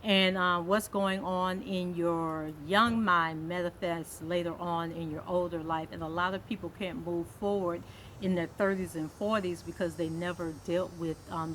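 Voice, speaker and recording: Woman vlogger with a slightly low voice doing a relaxed chatty TV recap, light background hiss. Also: a little slow, low-quality recording. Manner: conversational, many "um" fillers, reads quotes aloud. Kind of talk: casual recap commentary.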